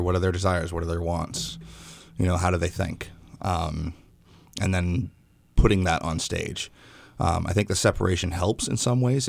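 A man's voice: low-pitched, creaky, dry recording. A young man, a stage actor guest, talking casually in a radio interview, hesitant with many fillers and restarts.

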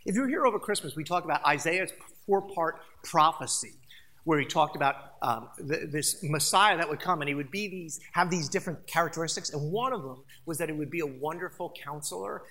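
A pastor preaching a sermon in an animated way, asking the congregation rhetorical questions. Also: medium pitch, brisk.

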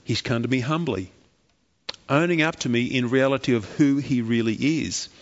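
A man voicing Jesus, speaking slowly and solemnly in a soft, gentle way. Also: mid-range voice, long reverb tail, lo-fi sound, voice pushed down, lightly acted. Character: Jesus, calm, gentle male savior.

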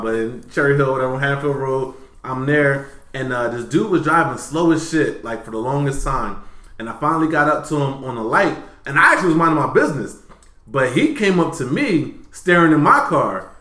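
A man hosting a podcast, telling a story in casual, profane talk that swings between loud bursts and low mutters. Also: echoey room. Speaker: podcast host.

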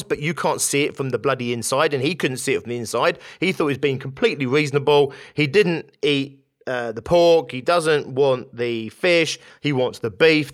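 A podcast host with a medium-pitched voice tells a story in a chatty, casual monologue. He's animated, swears casually, and tags his lines with "right?"

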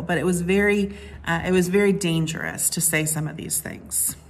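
A woman preaching a sermon in a conversational way, with frequent fillers and restarts. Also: on the low side. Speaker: pastor.

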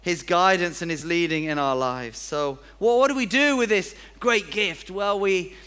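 A man's voice: high voice, measured pace, pushed and bright, clear, resonant tone. A man preaching a sermon in a church, chatty and self-deprecating, acting out little everyday scenes.

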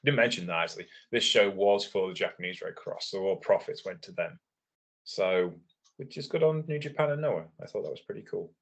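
Man, deep voice, husky, relaxed podcast chat, analytical, laughs easily. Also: a little fast. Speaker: wrestling podcast co-host.

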